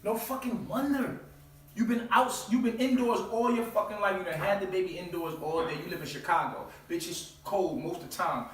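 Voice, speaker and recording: A man's voice: sits high, brisk, few pauses, a little hiss or hum. A man hosting his own channel, giving a profane, preachy lecture full of rhetorical questions. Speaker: channel host. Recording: very echoey room, far from mic.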